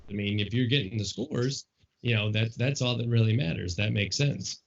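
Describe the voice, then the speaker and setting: A man hosting a casual podcast interview, asking rambling, halting questions full of fillers. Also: fairly low pitch, gravelly. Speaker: podcast host. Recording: dull lo-fi podcast audio.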